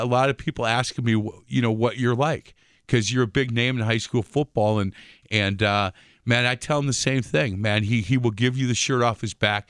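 A man co-hosting a radio show tells stories in a casual way and puts on voices for the people he quotes. His voice sits in a middle pitch. The sound is dry and close to the mic. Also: a bit bright, smooth, dry recording. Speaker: radio co-host. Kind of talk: casual radio chat, animated storytelling.

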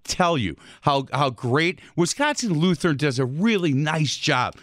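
A man's voice: on the high side, very animated, measured pace, fairly bright tone, dry recording. A man hosting a radio talk show, telling stories casually with lots of fillers and restarts. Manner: rambling storyteller with many fillers and restarts.

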